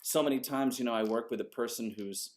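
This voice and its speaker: A man, an orchestra conductor, telling a story in an animated, conversational way and swearing casually. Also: mid-range voice, brisk.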